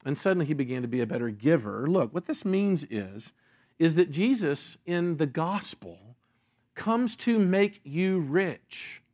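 A man preaching a sermon to a congregation, animated and acting out story voices, restarting his sentences often. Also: fairly high pitch, a little slow, no room sound, clean studio sound. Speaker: pastor. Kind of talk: sermon with audience Q&A.

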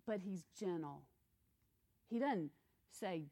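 A woman's voice: mid-range voice, measured pace. A woman teaching a Bible study in a conversational, emphatic way, reading scripture aloud and explaining it. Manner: expressive, emphatic, acts out quotes.

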